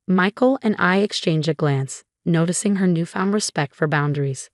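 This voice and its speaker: A woman narrating a first-person family story in a steady, even manner. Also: fairly low pitch, moderate pace, few pauses, no room sound, clean studio sound.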